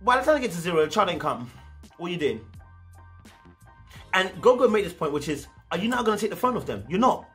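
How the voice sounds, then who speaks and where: A man with a London accent giving a casual, animated commentary as a show reviewer, slipping into slang and acting out parents. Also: high-pitched, quick pace, pauses often, soft background music.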